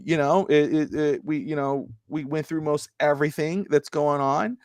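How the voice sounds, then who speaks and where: A man's voice: on the high side, normal speed, dry recording, clean studio sound. A man co-hosting a casual sports podcast, rambling through stories with lots of fillers. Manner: rambling, storytelling with repeated fillers. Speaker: podcast co-host. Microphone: live stream microphone.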